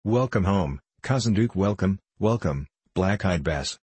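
A man voicing a loud, blustering, joking sleigh driver in a storybook reading. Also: low-pitched, expressive, measured pace, husky, dry recording, heavily acted. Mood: boisterous.

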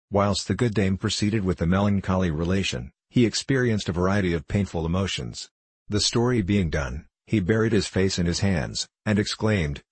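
Male narrator, audiobook, classic novel, formal, measured, low husky voice. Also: dry recording.

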